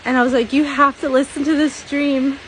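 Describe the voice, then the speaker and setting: A woman's voice: high voice, flat delivery, moderate pace, slight background noise, low-quality recording. A middle-aged woman telling a personal dream testimony in an earnest, tearful way, often laughing.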